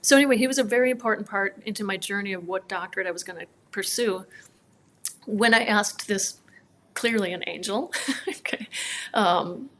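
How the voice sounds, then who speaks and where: A woman's voice: mid-range voice, normal speed. Heartfelt woman telling a personal story. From northern Minnesota, USA. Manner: animated storytelling, acting out quoted dialogue. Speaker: guest, chiropractor.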